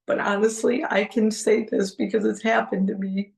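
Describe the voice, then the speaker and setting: A woman's voice: medium pitch, fairly even intonation, moderate pace, vocal fry. A middle-aged woman hosting a heartfelt solo podcast, talking earnestly and pleading, repeating phrases for emphasis. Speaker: podcast host.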